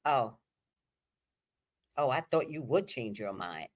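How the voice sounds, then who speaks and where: A woman host telling a candid personal story on a livestream, animated and profane, swinging between loud emphasis and hushed asides. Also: a bass voice, slow pace.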